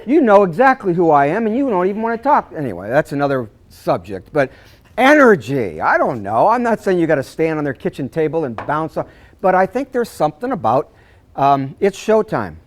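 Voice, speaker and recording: A man teaching a room of real estate agents, his voice rising and falling in a lively, sing-song way. He sits a little above the usual male pitch and often clears his throat between points. He slips into quick acted-out exchanges with clients. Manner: animated, acts out client dialogues, frequent throat clearing. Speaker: real estate sales trainer. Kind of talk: live seminar talk to agents.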